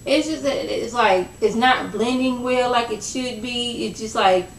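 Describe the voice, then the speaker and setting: Chatty woman recapping with gravelly voice. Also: unhurried, slight background noise. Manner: chatty, gossipy, acts out quoted lines in lowered voice. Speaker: reality show reviewer. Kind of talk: casual recap vlog. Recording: echoey room, mic at a distance.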